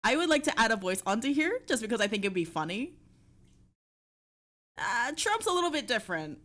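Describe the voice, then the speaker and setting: A woman's voice: a little high, fairly bright tone. A young woman streaming, chatting casually with her viewers, swearing offhand and laughing often.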